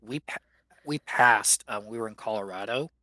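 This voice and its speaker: A tabletop player with a bright, forward tone, recorded dry and close. The talk is playful and chatty, full of asides during the game. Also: mid-range voice, normal speed, dry recording, low-quality recording. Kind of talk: casual tabletop play.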